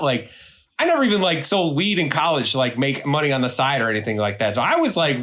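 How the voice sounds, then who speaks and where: A young man co-hosting a casual podcast, telling a story in an animated, indignant way and swearing freely. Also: medium pitch, fast talker. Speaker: podcast co-host.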